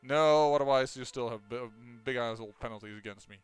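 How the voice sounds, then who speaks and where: A man's voice: mid-range voice, fairly quick, clear, resonant tone, soft background music. A man casually commenting on his own strategy game as he plays, thinking aloud with lots of fillers and restarts. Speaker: gameplay commentator.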